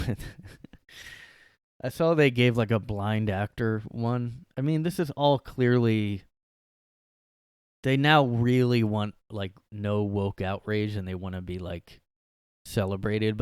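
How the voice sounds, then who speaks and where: Dude ranting on his podcast, kinda low voice, super clear and dry, sarcastic, says like a lot. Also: darkish tone, dry recording. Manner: rambling, sarcastic, heavy on "like". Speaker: podcast host. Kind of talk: casual solo podcast rant. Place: his bedroom.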